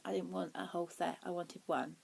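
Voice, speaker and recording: A young woman hosting a knitting podcast, chatting casually and excitably, laughing at herself as she shows her yarn. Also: fairly low pitch, brisk, creaky, a little hiss or hum. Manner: excitable, giggly, self-deprecating.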